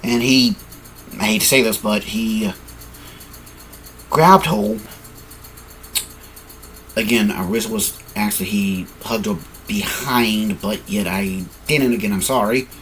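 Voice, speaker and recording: A man's voice: lowish voice, slow pace, pauses often, fairly bright tone, a little hiss or hum. A man improvising a fan-fiction story, rambling, correcting himself and apologizing as he goes, sleepy and yawning.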